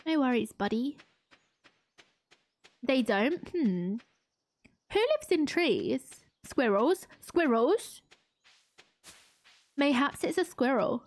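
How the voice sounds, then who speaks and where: A young woman with a slightly high, darkish voice streams a farming game, gushing with excitement and poking fun at herself as she talks to her viewers. The recording is dry, with no room sound, and the commentary is excitable live-stream chatter.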